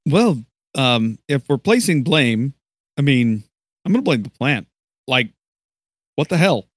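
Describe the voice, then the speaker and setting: A man's voice: mid-range voice, very animated, measured pace, dry recording, clean studio sound. A man playing a tabletop role-playing game who jokes playfully and laughs often. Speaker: player.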